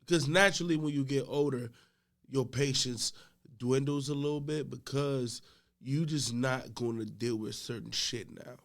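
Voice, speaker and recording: Starting off relaxed, this middle-aged man, a guest on a podcast, gets louder and laughs more as his story builds during casual talk. His pitch is medium and his pace ordinary.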